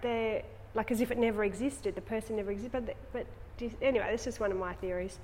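A woman's voice: a little high, steady tone, fast, darkish tone, a little hiss or hum. A woman talking to a yoga class, rambling and conversational, asking the class many tag questions before leading a guided relaxation. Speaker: yoga teacher. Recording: echoey studio with long reverb.

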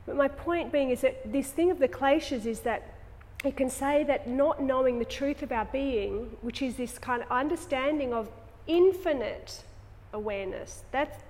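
A woman's voice: sits high, moderate pace, hardly any pauses, darkish tone. A woman talking to a yoga class, rambling and conversational, asking the class many tag questions before leading a guided relaxation. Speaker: yoga teacher. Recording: echoey studio with long reverb.

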